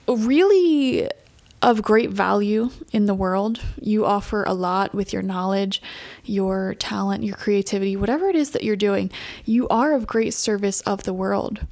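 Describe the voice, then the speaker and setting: A young woman in a mid-range voice gives a casual pick-a-card tarot reading. She is chatty and animated and laughs often.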